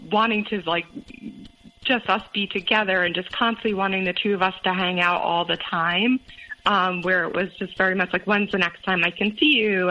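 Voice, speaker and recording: A woman recounting her past relationship as a podcast guest, halting and full of fillers. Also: medium pitch, highs cut off. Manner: halting, many fillers and restarts. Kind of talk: personal story in interview.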